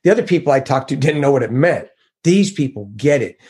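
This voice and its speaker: Casting note: middle-aged man, mid-pitched, earnest and confessional, giving a personal testimony. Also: a little fast, husky. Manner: earnest, confessional, quotes others in lively voices. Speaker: recovery group member sharing his story.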